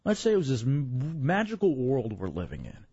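A young man from Dallas talks in a slightly husky voice that swings lively up and down. He rambles and jokes, tired and a bit worn out. The recording is dull and lo-fi, with a dry room sound. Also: mid-range voice, normal speed, dry recording. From Dallas, Texas. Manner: rambling, animated, joking. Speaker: podcast host. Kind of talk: casual chat.

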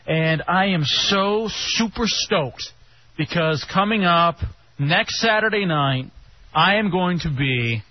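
A man hosting a casual radio talk show, joking and animated. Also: slow pace. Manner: animated, joking, jumping pitch. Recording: dull lo-fi broadcast with faint hiss.

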